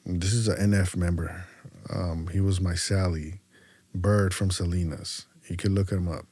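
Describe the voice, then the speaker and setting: A man from California's Central Valley tells his story as a podcast guest, with a mellow, relaxed tone. He talks in a loose, slangy way and acts out the dialogue with plenty of fillers. The sound is close and dry. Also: sits low, unhurried, breathy edge, dry recording. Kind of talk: casual storytelling interview.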